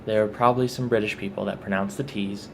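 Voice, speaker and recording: A man's voice: on the low side, fairly even intonation, quick pace, gravelly, a little hiss or hum. A man from Texas with a Texan accent, reading out a word list and casually commenting on how he says each word. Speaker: vlogger.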